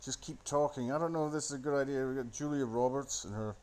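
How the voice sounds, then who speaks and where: A man's voice: medium pitch, quick pace, a little mellow. A man rambling into a phone, giving a sardonic, profane running commentary on a film. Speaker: solo commentator.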